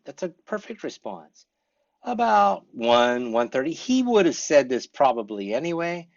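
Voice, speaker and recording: Guy teaching english conversation, acts out the example lines, kinda dull lo-fi sound, mid pitch. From English-speaking foreigner living in Korea. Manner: lively, acts out example responses. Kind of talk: classroom lecture.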